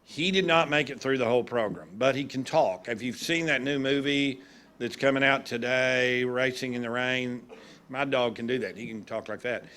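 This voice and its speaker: A man's voice: medium pitch, normal speed, a bit bright, slight background noise. A man, a judge giving a folksy, humorous speech at a graduation ceremony.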